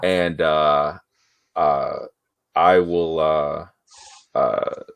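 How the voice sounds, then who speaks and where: Man, tabletop game player, hesitant, very deep voice, dry close sound. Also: steady tone, vocal fry, no echo, dull audio. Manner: hesitant, many pauses.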